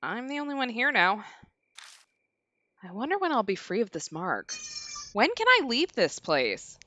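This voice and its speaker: A weary, frightened young lord narrates his ordeal, read aloud by a woman streamer. Her voice is bright and animated, swinging up and down. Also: a little high, measured pace, dry recording, lo-fi sound, heavily acted. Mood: uneasy. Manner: reading game narration aloud. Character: haunted young male lord, anxious and weary.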